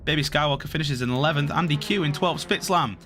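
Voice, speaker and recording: A man commentating a sim race, calling positions and getting excited at incidents. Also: on the high side, faint music behind. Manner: excitable, calls positions quickly.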